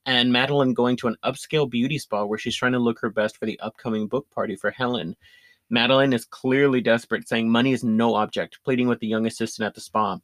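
A man's voice: mid-range voice, steady tone, quick pace, a bit bright, no echo. A man in casual conversation, recapping a film with enthusiasm, often laughing and restarting his sentences. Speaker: podcast co-host.

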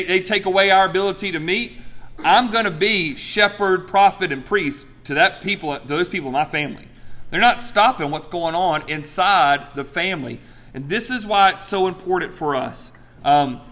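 A fairly high-voiced man in his forties preaches to his congregation. He tells stories with lots of energy, jumps to loud bursts and then drops to soft, earnest asides. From United States. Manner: animated storytelling, swings from loud exclamations to soft earnest asides. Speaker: pastor. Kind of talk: sermon.

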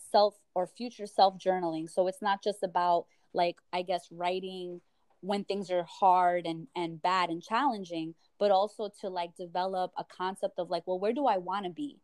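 A woman's voice: lowish voice, darkish tone, no echo. A woman psychotherapist talking earnestly and reflectively in a casual podcast conversation, with many "you know"s. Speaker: psychotherapist guest.

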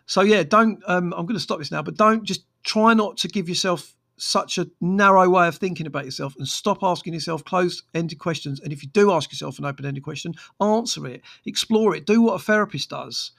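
A man's voice: high voice, a little fast, vocal fry, few pauses, fairly bright tone. A man, a therapist talking frankly on his own podcast with many fillers and restarts. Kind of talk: casual solo podcast monologue.

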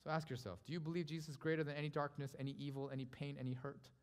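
A man preaching a sermon as pastor, swinging from loud exclamations to hushed, earnest tones. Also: on the high side, little pitch movement, racing. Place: church sanctuary. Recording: reverberant hall with soft guitar.

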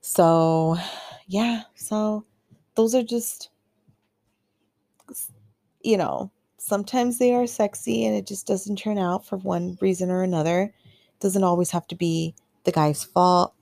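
A woman's voice: mid-range voice, fairly even intonation, slow, creaky, long pauses, dark tone, no room sound. A woman hosting a podcast, telling a personal story in a candid, chatty way full of fillers and acted-out quotes. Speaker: podcast host. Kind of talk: casual storytelling monologue.

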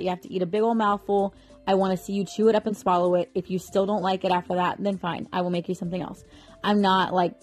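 A woman's voice: lowish voice, darkish tone. A woman in her thirties talking casually to the camera from her bed at home, chatty and rambling, sounding mentally exhausted. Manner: chatty, rambling, lots of "like" and "you know". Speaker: mom vlogger.

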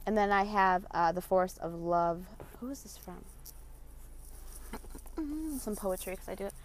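A woman ranting casually in a vlog, cursing freely and telling a story about her loud mother. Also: mid-range voice, a little slow, slight background noise. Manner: profane, animated storytelling with loud imitations. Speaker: vlogger. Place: in her parked car.

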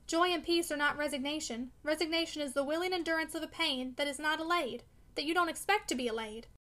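A man's voice: extremely high pitch, fast talker, pushed and bright, low-quality recording. A woman voicing a brooding, sensitive young man who argues vehemently in a storybook reading. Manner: vehement, pleading.

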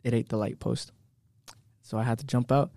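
A young man telling stories in a casual group chat, animated, slangy and profane. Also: mid-range voice, moderate pace, creaky, no echo.

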